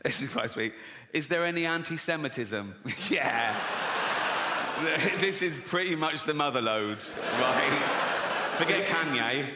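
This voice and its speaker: A man's voice: mid-range voice, expressive, unhurried, heavy background noise. A man doing crude, sardonic stand-up comedy on a live stage, often breaking into laughter. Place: live stage before an audience.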